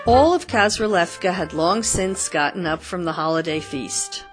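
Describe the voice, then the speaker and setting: A woman reading a story aloud in a calm, measured narration. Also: fairly low pitch, over loud music.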